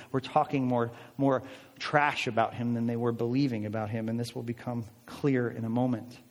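A man preaching a sermon, explaining a passage with animated, emphatic rhetorical questions. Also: medium pitch. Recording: reverberant hall.

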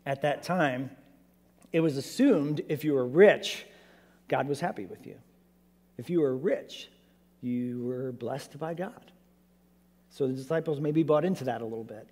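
A man preaching a sermon as pastor, animated and conversational, asking his church many rhetorical questions. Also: mid-range voice, unhurried, long pauses, in a large hall.

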